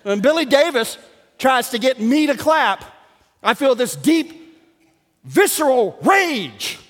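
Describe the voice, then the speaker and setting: A man preaching a comic, animated sermon, poking fun at himself and bursting into shouts. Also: very high voice, unhurried, big-room sound. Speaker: pastor. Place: large church sanctuary.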